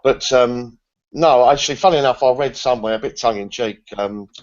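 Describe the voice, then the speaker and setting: A man's voice: mid-range voice, brisk. A man in a casual football fan chat, hesitant with a dry sense of humor. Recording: dull lo-fi sound, off mic.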